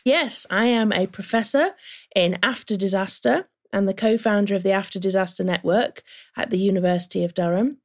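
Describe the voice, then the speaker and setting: A woman with an English accent, a guest expert on a podcast, speaking in a measured, explanatory way with frequent "uh" fillers. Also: mid-range voice, vocal fry. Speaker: guest expert on disaster planning. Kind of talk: podcast interview.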